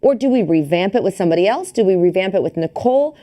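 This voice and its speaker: A woman's voice: mid-range voice, expressive, fast talker, dark tone. A woman co-hosting a podcast in casual, playful chat, laughing often. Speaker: podcast co-host.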